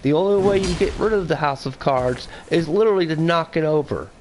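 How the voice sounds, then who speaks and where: A man co-hosting a casual podcast chat, talking in a blunt, excitable, profane way. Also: fairly high pitch, fairly quick.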